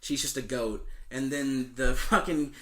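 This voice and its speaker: A man's voice: mid-range voice, steady tone, measured pace, fairly bright tone. A young man co-hosting a film podcast, casually retelling a movie plot with swearing, laughter and silly quoted voices. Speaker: podcast co-host.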